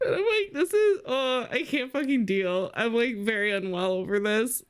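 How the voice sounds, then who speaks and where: A woman's voice: a little high, expressive, moderate pace, clear, resonant tone. A young woman co-hosting a podcast, gushing emotionally in casual chat and laughing often. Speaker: podcast co-host.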